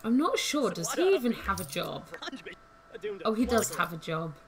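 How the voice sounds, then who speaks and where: A woman with a medium-pitched voice speaks at normal speed, her pitch swinging widely. She is a gaming YouTuber doing casual let's-play commentary on a life-simulation game, chatty and giggly as she thinks aloud, with faint game music behind her.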